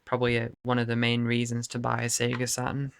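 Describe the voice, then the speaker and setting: A man's voice: mid-range voice, monotone, quick pace, gravelly, a bit bright, clean tone, no room sound. A man rambling casually to camera in his bedroom about his game collection, laughing and swearing often. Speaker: video game collector showing his cases.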